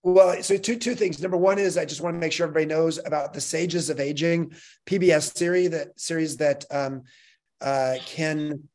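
A man hosting a live online fireside chat, upbeat and quick to laugh, moving the talk along with brisk announcements. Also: a little high, steady tone, a little mellow. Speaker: host.

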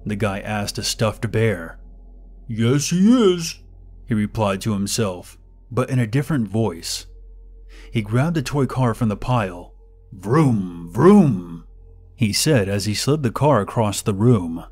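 A man narrating a horror story in a measured, deliberate way. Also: on the low side, husky, faint music behind.

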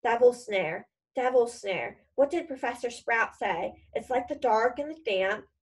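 Lady reading aloud doing a bossy know-it-all schoolgirl witch, higher and anxious. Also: expressive, measured pace, husky.

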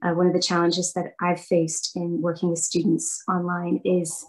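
A woman's voice: fairly low pitch, monotone, normal speed, poor audio. A woman reporting back for her group in a webinar, speaking thoughtfully on a video call with some fillers. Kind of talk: casual spoken group report.

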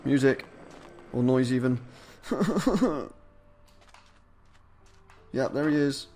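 Speaking at normal speed in a level, mid-range voice, a let's-player commentates casually on his gameplay. He curses a lot, mutters, and shouts at the enemies on screen.

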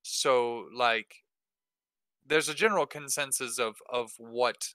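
A man's voice: medium pitch, takes it slowly, pushed and bright, dry recording. A man hosting a tabletop game workshop, answering questions casually with many hesitations and restarts. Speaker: dungeon master hosting a workshop. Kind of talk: casual Q&A talk.

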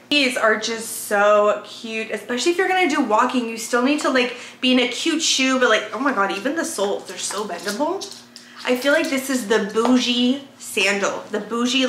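A woman vlogger chatting casually to her viewers in an excitable, chatty way, swearing now and then. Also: fairly high pitch. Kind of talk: casual haul vlog chat. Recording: echoey room with faint background noise.

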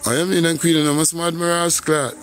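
A man's voice: fairly high pitch, steady tone, brisk, soft background music. A Jamaican man on a casual live stream, greeting viewers by name and humming and scatting between lines. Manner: shouts out viewers, hums and scats between lines.

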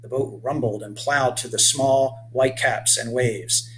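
A man's voice: mid-range voice, steady tone, a little slow, hardly any pauses, slight background noise, rough recording. A man, the author, reading his children's book aloud and stepping out of the story to speak to young listeners. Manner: gentle asides speaking to children.

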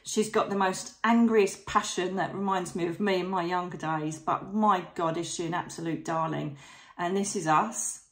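Woman, middle-aged, lowish voice, chatty and effusive vlogger with lots of fillers. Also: fairly even intonation, normal speed. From Britain. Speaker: psychic medium vlogger. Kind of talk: casual vlog to followers.

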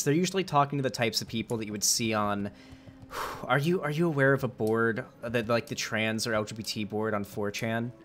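A man's voice: medium pitch, fairly bright tone. A man hosting a casual debate with a viewer, talking in a rambling way with many fillers and restarts. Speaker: host.

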